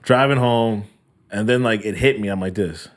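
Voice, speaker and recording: A man co-hosting a podcast, telling a profane story in a casual, animated way and acting out the people in it. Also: fairly low pitch, normal speed. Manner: profane, animated, acts out quotes. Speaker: podcast co-host.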